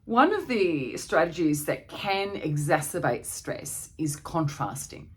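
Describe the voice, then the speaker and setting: Low-voiced woman therapist. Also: big pitch swings, slow, breathy edge. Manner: gentle, conversational, with frequent fillers and restarts. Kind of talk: informal talk on anxiety strategies.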